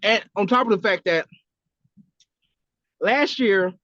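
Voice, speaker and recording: He co-hosts a podcast, keeping it casual and lively, dropping plenty of profanity and acting out quotes. His voice is high-pitched and slow, with no echo but dull audio.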